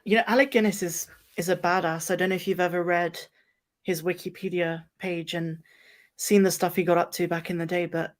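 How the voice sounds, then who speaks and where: A woman chatting calmly on a podcast, understated and quick with dry jokes. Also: lowish voice. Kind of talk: casual chat.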